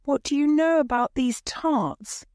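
A woman voicing a stern, bossy male king presiding over a storybook trial, speaking slowly and commandingly. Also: high-pitched, a little mellow, no echo, clean studio sound, pitched above the performer's own voice.

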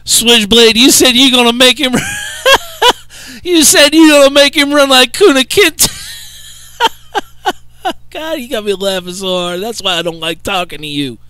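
A man's voice: very high voice, moderate pace, bright, forceful tone, clean tone, dry recording, low-quality recording. A man relaying CB radio banter, drawling, repeating and laughing at what others say. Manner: drawling Southern trucker talk, laughing, repeating others' words.

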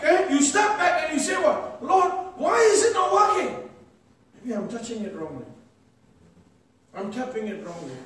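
High-voiced man preaching in an echoey hall. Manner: emphatic preacher, rising to shouts. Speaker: pastor. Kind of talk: sermon. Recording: echoey hall, distant mic.

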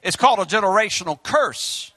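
A male pastor with a Southern US accent, preaching a fiery sermon and swinging from loud outbursts to quiet asides. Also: high-pitched, expressive, brisk, slightly rough, dry recording. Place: church sanctuary.

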